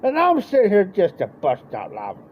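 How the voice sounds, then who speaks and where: In casual storytelling on a live stream, a man with a Midwestern American accent spins a meandering, folksy tale and performs its characters' voices. He speaks briskly in a high-pitched voice whose pitch swoops wildly. Faint noise runs under the dull, lo-fi stream sound.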